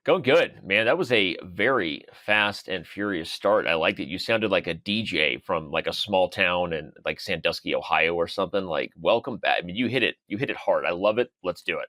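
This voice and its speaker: A man's voice: low-pitched, expressive, normal speed, hardly any pauses, pushed and bright, no echo. A man co-hosting a casual chess podcast, laid-back and chatty, laughing easily. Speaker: podcast co-host, chess commentator.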